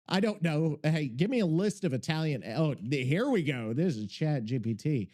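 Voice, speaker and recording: Male podcast host, excitable and rambling, heavy swearing; high, very lively voice. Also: normal speed, hardly any pauses. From Missouri. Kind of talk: casual podcast chat.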